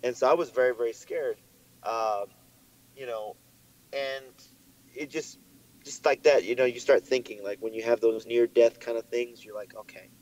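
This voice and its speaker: A young man co-hosting a podcast, telling a story in a lively way and swearing often, his voice jumping up when he gets worked up. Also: medium pitch, normal speed, lo-fi sound. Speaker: podcast co-host. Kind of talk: casual chat.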